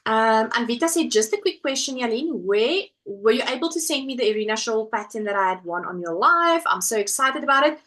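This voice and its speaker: A woman's voice: a little high, animated, a little fast, few pauses, a bit bright, rough recording. A woman hosting a casual crafting live stream from home, chatting and reading viewer comments aloud. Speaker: livestream host.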